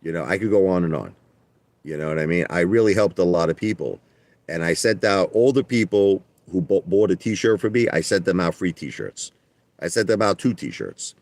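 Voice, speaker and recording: A man's voice: deep voice, animated, moderate pace, a little mellow, no room sound. A man hosting a livestream, talking in a defensive, repetitive, emphatic rant. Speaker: livestream host. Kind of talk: ranting livestream monologue.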